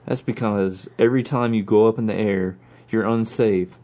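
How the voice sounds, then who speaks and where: A man playing a swaggering, profane fighter pilot in an impression, with a drawn-out, sultry delivery. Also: fairly low pitch, steady tone, dark tone, natural voice. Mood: menacing swagger.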